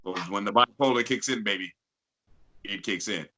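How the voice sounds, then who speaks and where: A man in his fifties from St. Louis with a deep bass voice, telling stories as an interview guest in an animated way and slipping into impressions. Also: moderate pace, a crowd in the background, poor audio. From St. Louis, Missouri. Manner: animated storyteller who breaks into impressions and laughs. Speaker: guest voice actor. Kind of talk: casual interview storytelling.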